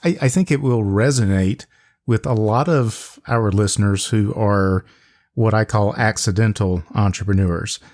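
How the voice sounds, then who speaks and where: A male radio host interviews a guest. His voice is lowish, and he speaks in a relaxed way, using fillers as he frames his questions. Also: measured pace.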